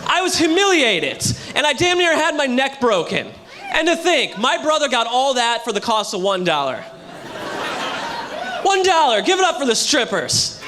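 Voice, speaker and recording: A man doing a loud, punchy stand-up comedy set on a hotel ballroom stage, with a live audience audible. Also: very high voice, sing-song, moderate pace, noisy background. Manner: loud, punchy delivery to a crowd.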